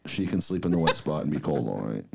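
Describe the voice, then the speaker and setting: Deep-voiced man in crude podcast banter. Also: very animated, fast talker, vocal fry, background noise. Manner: blunt, crude joking. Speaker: podcast co-host.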